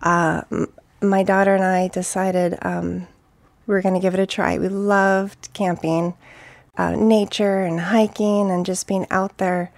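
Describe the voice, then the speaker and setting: Slow, gravelly woman reading hushed. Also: mid-range voice, flat delivery, no echo. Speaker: eyewitness guest. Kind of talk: reading from her journal, then casual recollection. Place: her TV room at home.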